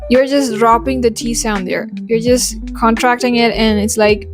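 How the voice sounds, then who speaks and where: A young Indian woman with an Indian English accent, teaching pronunciation as an accent coach, repeating example words slowly to demonstrate them. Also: a little high, little pitch movement, over music. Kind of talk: pronunciation lesson.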